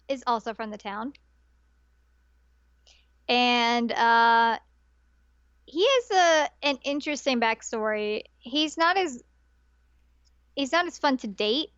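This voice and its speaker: A woman co-hosting a podcast, chatting casually and retelling a story with lots of animated quoted lines. Her voice sits a little high for a woman. The sound is dry and close, with a dull, lo-fi tone. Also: no echo. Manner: animated storytelling, often quoting characters. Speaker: podcast co-host.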